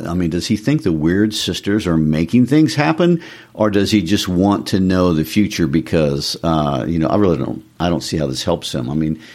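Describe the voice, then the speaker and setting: A man's voice: sits low, a little mellow. A man co-hosting a podcast, talking through a play in a loose, chatty way with lots of fillers. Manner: chatty, many "uh" and "you know" fillers. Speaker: podcast co-host. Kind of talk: casual literary discussion.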